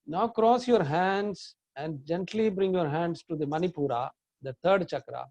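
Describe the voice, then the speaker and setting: Chanting mantras in sustained tones, a yoga teacher, a man with a fairly high voice, takes listeners slowly through a chakra meditation with calm breathing guidance. The recording is dry.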